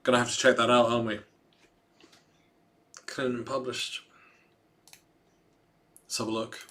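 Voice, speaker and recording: A man's voice: mid-range voice, flat delivery, a little slow, bright, forceful tone. A man hosting a casual livestream, reading a statement aloud and chatting and joking with his viewers between lines. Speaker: livestream host.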